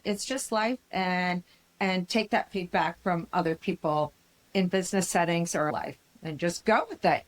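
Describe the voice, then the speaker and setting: A woman co-hosting an interview, talking in a measured, reflective way. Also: lowish voice. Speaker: co-host. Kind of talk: casual interview talk.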